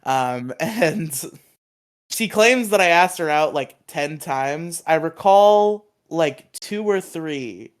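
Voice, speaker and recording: A man's voice: on the high side, animated, takes it slowly. A young man co-hosting a casual podcast, telling stories in a chatty way and often laughing at himself. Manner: chatty, self-amused storytelling with frequent laughs. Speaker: podcast co-host.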